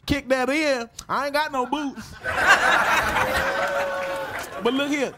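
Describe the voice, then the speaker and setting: Man doing a squeaky high bragging hustler, slangy, live stage with loud crowd. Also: steady tone, moderate pace. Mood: boastful. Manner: brags loudly in slang, calling everyone boy. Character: flashy boastful young street hustler, big talker. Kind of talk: live sketch comedy acting. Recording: live stage, loud audience laughter and noise.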